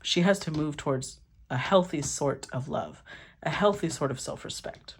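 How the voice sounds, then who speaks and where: A woman giving a casual tarot reading, talking in an animated, blunt way and swearing casually. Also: low voice, normal speed, noisy background. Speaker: tarot reader.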